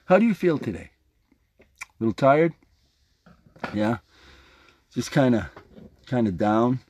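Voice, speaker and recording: A man with a mid-range, slightly mellow voice speaks slowly but with great animation, against a little background noise. Hosting his own podcast, he plays around casually with a jaw harp demonstration tied to a motivational message.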